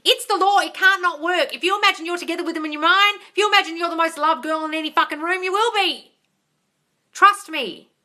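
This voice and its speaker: A woman's voice: very high-pitched, fairly quick, bright, forceful tone. A woman, hosting a live-stream Q&A as a manifestation coach. She reads out viewers' comments and answers them in a bubbly way, squealing and laughing often.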